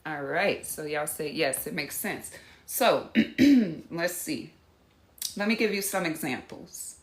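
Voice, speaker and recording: A woman's voice: low voice, animated, slow, echoey room. A woman teaching empaths in a casual live talk, giving direct instructions and calling her viewers y'all. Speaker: empath coach.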